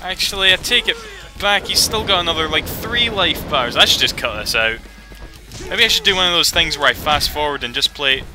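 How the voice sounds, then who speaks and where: A man's voice: on the high side, animated, fairly quick, pushed and bright, faint music behind. A man giving let's play commentary over a boss fight, frustrated and rambling, with lots of swearing. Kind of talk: gaming commentary.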